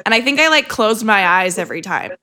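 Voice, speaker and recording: A woman's voice: medium pitch, expressive, brisk, sharp tone. A woman hosting a casual chat, answering with laughs and upbeat remarks. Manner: reacts with laughs and upbeat comments.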